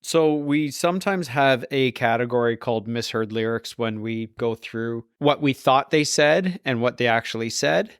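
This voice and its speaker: Canadian podcast cohost, mid-pitched guy, cracks dry jokes, says yeah a lot. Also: moderate pace, hardly any pauses, clean tone, no room sound. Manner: joking, frequent short agreement. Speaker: podcast co-host. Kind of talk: casual chat.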